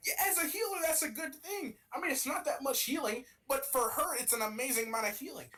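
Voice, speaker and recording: A man's voice: very high voice, fast talker, sharp tone, rough recording. A young man co-hosting a casual gaming podcast, rambling and swearing as he ranks characters. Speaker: podcast co-host.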